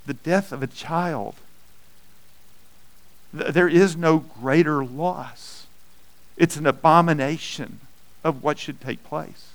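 A man preaching a sermon in a slightly raised voice. He takes his time, pausing between short phrases. His delivery rises to loud, urgent peaks and falls back to hushed tones. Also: fairly high pitch, low-quality recording. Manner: slow, dynamic preaching that swells loud and drops soft. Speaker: pastor.

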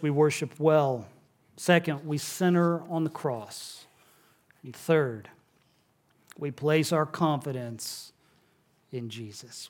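A middle-aged male pastor preaching a sermon, telling stories in a conversational way and dropping soft and low on key words.

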